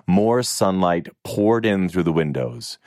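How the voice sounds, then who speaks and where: A man narrating a fantasy novel in an expressive, even storytelling manner. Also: low-pitched, takes it slowly, no room sound, studio quality. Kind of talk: audiobook narration.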